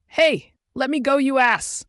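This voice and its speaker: A man voicing a hostile young female werewolf traitor with a shrill, high-pitched voice, in a read-aloud story. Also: sing-song, fast, a little mellow, husky, no room sound, clean studio sound. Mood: defiant.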